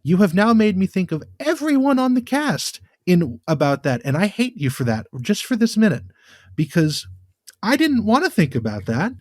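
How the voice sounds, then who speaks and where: A man co-hosting a podcast in casual chat, given to animated, exasperated rants. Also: sits high, moderate pace, dry recording, studio quality. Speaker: podcast co-host.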